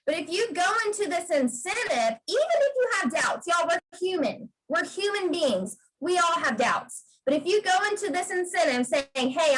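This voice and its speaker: A woman's voice: sits high, a bit bright, poor audio. A woman giving an emphatic motivational pep talk on a video call, often checking in with "okay?". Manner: emphatic, repeats "okay?" to drive points home. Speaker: guest speaker on a sales team video call.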